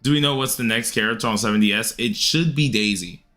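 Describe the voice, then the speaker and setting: A man streaming a game live, chatting casually with viewers and grumbling loudly at the game in an excitable way. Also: mid-range voice, fast talker, soft background music. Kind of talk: live-stream gameplay commentary answering chat.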